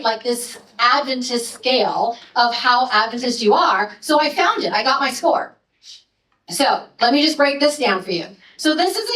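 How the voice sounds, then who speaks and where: A woman presenting her research to an audience in a lecture, chatty and playful, with quick asides. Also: sits high, a bit bright. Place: lecture hall. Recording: echoey hall from a distance.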